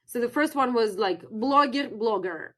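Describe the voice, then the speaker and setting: A woman's voice: on the high side, moderate pace. Russian-accented woman teaching on a live stream. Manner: chatty, reads and answers live chat. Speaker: online Russian language teacher. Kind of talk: live-stream language lesson.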